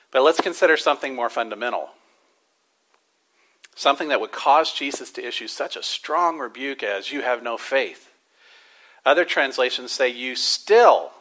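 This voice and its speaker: A man with a bright, ringing voice preaches in a church. He leans hard on key words, slows them down for weight, then drops almost to a murmur before building up again. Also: medium pitch, rough recording. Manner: emphatic preaching with drawn-out stresses and sudden soft drops. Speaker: pastor. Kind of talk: sermon.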